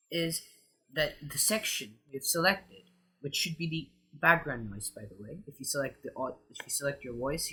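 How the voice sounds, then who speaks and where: Bright-voiced man explaining software steps. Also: on the high side. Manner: explains step by step with frequent "so". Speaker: tutorial host. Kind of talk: screen-recorded software tutorial.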